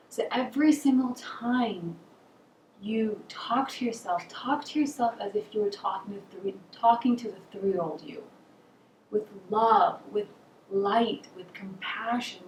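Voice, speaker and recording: Female self-help vlogger, mid pitch, encouraging and earnest, distant mic in a roomy space. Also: a little mellow. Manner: earnest, encouraging, asks the listener questions. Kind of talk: motivational talk to camera. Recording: roomy echo, mic set far off, faint hiss.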